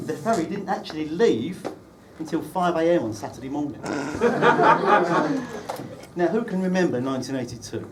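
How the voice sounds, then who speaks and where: A man's voice: on the high side, very animated, moderate pace. A man giving a humorous wedding speech about the groom, teasing him with dry, well-timed anecdotes at a reception. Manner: dry, teasing storytelling with comic timing. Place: wedding reception room, indoors. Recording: distant mic with loud room noise.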